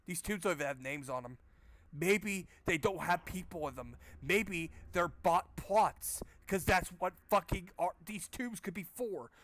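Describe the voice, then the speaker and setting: A man's voice: sits high, a little slow, fairly bright tone, dry recording. Sarcastic, cursing gaming man. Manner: sarcastic, profane. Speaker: game streamer. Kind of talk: let's play commentary.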